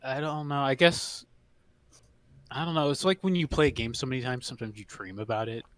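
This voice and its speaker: A man's voice: mid-range voice, fairly even intonation, a little fast, a bit bright, no room sound. A man in a casual podcast chat, talking in a hesitant, laid-back way.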